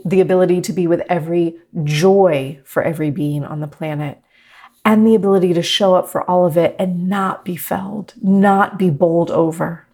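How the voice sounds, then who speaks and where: A middle-aged woman teaching a meditation class, talking gently and reflectively to her students. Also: lowish voice. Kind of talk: guided meditation talk.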